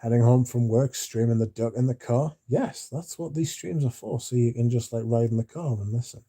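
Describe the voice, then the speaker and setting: A man's voice: medium pitch, moderate pace, mellow. A man, hosting a livestream and chatting casually with his chat in a drowsy, rambling way. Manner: drowsy, yawning, mumbles at times. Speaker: livestream host reading chat.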